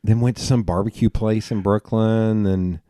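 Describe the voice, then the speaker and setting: A man with a Southern US accent hosting a podcast, telling rambling, animated anecdotes in casual conversation. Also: lowish voice, moderate pace, dry recording, clean studio sound. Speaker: podcast host.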